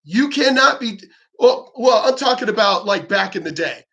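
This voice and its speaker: Male vlogger, high voice, angry profane rant with stammered restarts. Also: lively intonation, moderate pace, vocal fry, bright, forceful tone. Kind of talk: angry ranting monologue.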